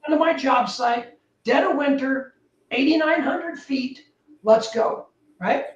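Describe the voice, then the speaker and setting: Animated high-voiced woman, roomy distant sound. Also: takes it slowly, highs cut off. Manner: animated and emphatic, with big pitch swings. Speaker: guest, building technology entrepreneur. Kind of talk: casual interview talk.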